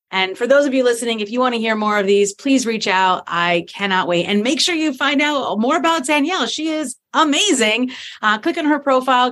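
A woman's voice: a little high, a bit bright. Northern US woman, podcast host, encouraging and effusive. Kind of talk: casual podcast interview.

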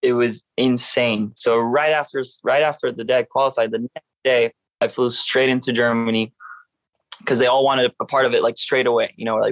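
A man's voice: medium pitch, normal speed, no room sound. A young man, a professional surfer, telling a story in a casual interview, acting out what others said to him. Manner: animated, acts out other people's lines in a raised voice.

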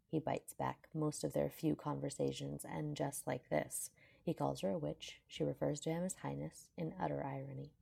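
Low husky lady reading a fanfic, dark gravelly tone, calm steady narration. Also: moderate pace. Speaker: fanfiction reader.

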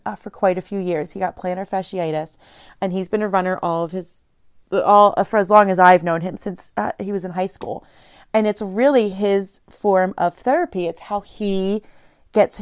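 Smooth-voiced woman podcasting solo. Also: medium pitch, normal speed, no echo, clean studio sound. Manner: reflective, meandering with many restarts. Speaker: podcast host. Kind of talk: casual solo podcast monologue.

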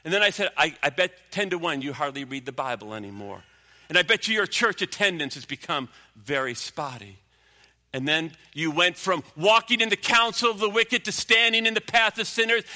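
A man preaching a sermon as pastor, emphatic, sinking low and quiet for stories. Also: big-room sound. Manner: emphatic preaching, drops low and quiet when telling a story.

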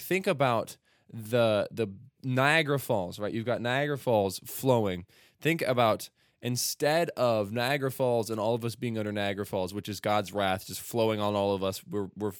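Enthusiastic low-voiced man explaining hymns. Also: dry recording, clean studio sound. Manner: enthusiastic, explains theology at length. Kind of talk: casual chat about hymns.

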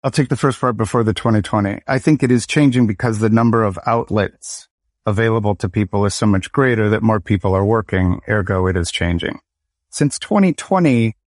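A man's voice: medium pitch, no echo, studio quality. A middle-aged man from Michigan, an actor and educator, telling stories from his career in a reflective, conversational interview. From Michigan, United States. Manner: reflective, storytelling with quoted dialogue.

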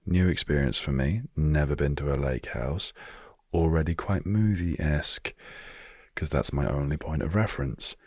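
A man's voice: extremely low pitch, moderate pace, darkish tone, no room sound, clean studio sound. A British man hosting a solo storytelling podcast, talking with wry, self-deprecating humor. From Britain. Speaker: podcast host.

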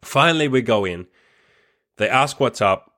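A man's voice: mid-range voice, expressive, unhurried, fairly bright tone. A man telling a personal story in a casual monologue, swearing heavily, laughing between lines and filling gaps with "like". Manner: loose, rambling delivery full of "like". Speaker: podcast host.

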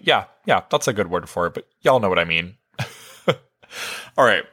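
A man talks through a casual self-help monologue as a life coach. His voice sits on the low side but has a bright, forceful edge. He is frank, swears freely and laughs often. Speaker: life coach and podcast host.

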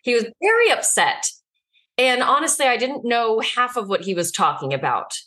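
A woman's voice: fairly high pitch, sing-song, normal speed, pushed and bright. A woman co-hosting a podcast, telling a story in a candid, easygoing way. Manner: candid, storytelling, laughs easily. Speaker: podcast co-host. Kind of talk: casual podcast chat.

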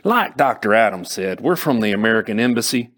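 A man's voice: fairly low pitch, big pitch swings, brisk, fairly bright tone. A man voicing a friendly, jovial male embassy official with a Southern Texas accent.

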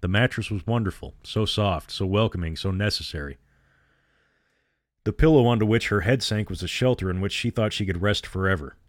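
Male storyteller, deep-ish voice, measured horror narration, dead-dry booth sound. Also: no room sound.

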